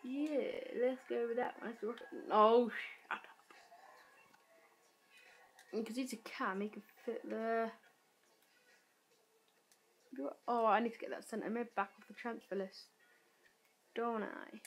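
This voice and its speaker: A woman's voice: fairly high pitch, steady tone, measured pace, long pauses, a little hiss or hum, poor audio. Chatty woman muttering over gameplay. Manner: chatty, self-deprecating, mutters to herself. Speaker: gaming YouTuber. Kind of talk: casual gameplay commentary.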